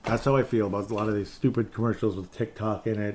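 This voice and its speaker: A man hosting a solo sports podcast, reading fan messages and ranting in an animated, sarcastic way. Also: on the low side, fast, hardly any pauses, a little hiss or hum. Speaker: podcast host.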